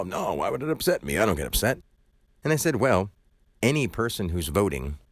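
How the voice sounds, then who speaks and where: A shop worker recounting a run-in with a customer in an argumentative, ranting way. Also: male voice, a bass voice, no echo. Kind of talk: recounting a story to camera.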